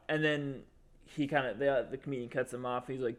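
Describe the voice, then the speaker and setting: A young man tells a story on a casual podcast, circling back with fillers and quoting people in little put-on voices. His voice sits in an ordinary middle pitch. He talks like a friend recounting a night out. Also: steady tone, normal speed, fairly bright tone. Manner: rambling, full of fillers and quoted voices. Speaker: podcast co-host.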